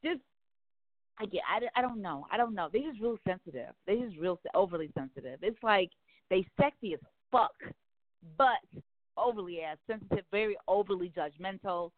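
A mid-range, animated woman's voice at normal speed, with no room sound, comes from a talk show guest. In casual, candid conversation she gets blunt about dating, cursing freely in an outgoing, outspoken way. The audio is dry and narrow, much like a phone.

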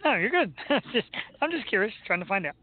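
Joking high-voiced man host, tinny sound. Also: big pitch swings, brisk, dry recording. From Philadelphia, US. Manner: joking, rambling, laughs often. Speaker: podcast host. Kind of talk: casual live show chat.

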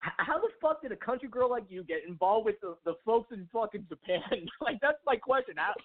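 A man hosts a casual podcast interview, firing off quick, swearing questions. His voice sits high and swoops lively, carried over a thin, phone-like line. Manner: profane, excitable questioner. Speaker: podcast host.

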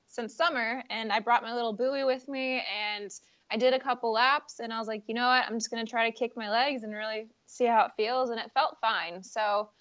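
A woman's voice: fairly high pitch, fairly even intonation, a little fast, hardly any pauses, fairly bright tone, highs cut off. A woman guest on a podcast, chatting casually and laughing often. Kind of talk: casual chat.

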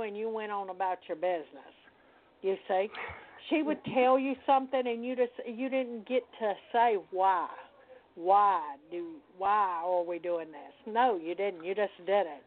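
An older woman from the Deep South, talking casually as a guest, telling stories with emphatic agreement. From American Deep South. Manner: warm storytelling, emphatic agreement. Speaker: conjure worker, guest. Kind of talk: casual conversation. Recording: tinny phone-line sound.

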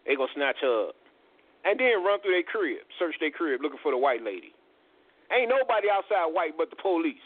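Male radio host, heated swearing rant, fairly high voice, narrow lo-fi phone-line audio. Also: very animated, brisk, slightly rough. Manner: profane, heated, repetitive, says "man" constantly. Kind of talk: angry rant.

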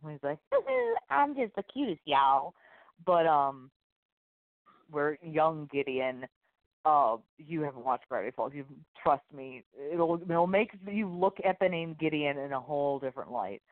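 A man co-hosting a casual TV review podcast, rambling and animated, often dropping into silly accents. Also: on the high side, normal speed, no echo. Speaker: podcast co-host. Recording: tinny phone-like audio.

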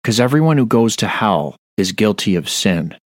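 A man's voice: on the low side, very animated, moderate pace, dry recording, studio quality. A man preaching a Bible study on a radio show, earnest and stern, reading scripture aloud. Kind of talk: sermon-style Bible study.

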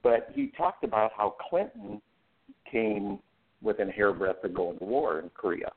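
A male guest on a talk show, telling anecdotes in a relaxed way and laughing often. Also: on the low side, normal speed, husky. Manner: anecdotal, chuckles while telling stories. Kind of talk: casual talk show discussion. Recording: tinny phone line.

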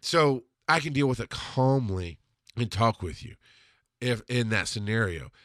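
A man hosting a podcast, talking through listener questions in a blunt, intense way, swearing freely and slowing down hard on the points he wants to land. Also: medium pitch, lively intonation, a bit bright, no room sound, studio quality. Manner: emphatic, slows down on hard points. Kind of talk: casual monologue.

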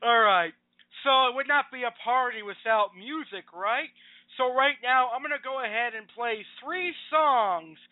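A man's voice: very high-pitched, dry recording. A man hosting his podcast, chatty and easily amused. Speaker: podcast host. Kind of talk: casual podcast talk. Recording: tinny phone-like line.

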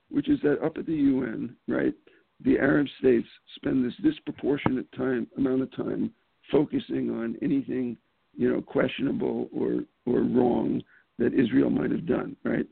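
Gravelly man on a phone-like line. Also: mid-range voice, no echo. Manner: animated storyteller, many restarts and laughs. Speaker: political candidate guest. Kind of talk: casual interview talk. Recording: phone-like call audio.

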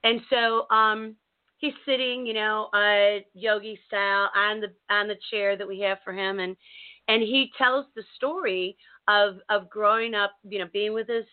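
A woman co-hosting a talk show, telling a story in a casual, animated way with many restarts. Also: mid-range voice. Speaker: co-host. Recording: narrow phone-like sound.

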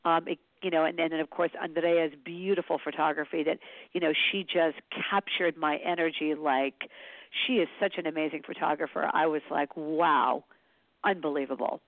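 A woman's voice: deep voice, steady tone, brisk, dry recording. Woman, fifties, interview guest, effusive, restarts, tinny phone-like sound. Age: 50s. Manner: gushing, restarts often, emotional. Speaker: interview guest, photographer's subject and author. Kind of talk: casual interview talk. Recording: tinny phone-like line, dry.

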